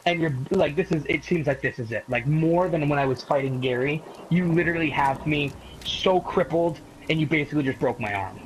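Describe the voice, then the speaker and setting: A young man casually telling a long story to a friend in a rambling, profane, animated way. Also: fairly high pitch, brisk, hardly any pauses, a little hiss or hum, poor audio.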